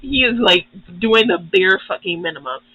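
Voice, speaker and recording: A man's voice: sits high, animated, normal speed, bright, forceful tone, no room sound, muffled recording. A young man hosting his own channel, giving a casual, rambling recap of a show full of swearing. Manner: profane, rambling, acts out characters. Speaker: YouTube host.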